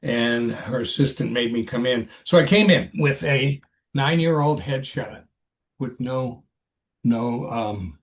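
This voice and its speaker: An older man, an actor, telling a story in a casual interview with a halting, rambling manner and many restarts. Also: mid-range voice. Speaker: actor, podcast guest.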